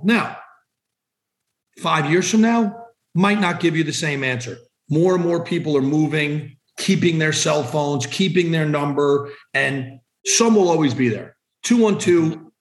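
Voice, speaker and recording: Podcast guest: man with a slightly high voice, direct and emphatic, recorded in a roomy space. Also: gravelly. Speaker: vanity phone number seller. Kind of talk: conversational podcast interview answers.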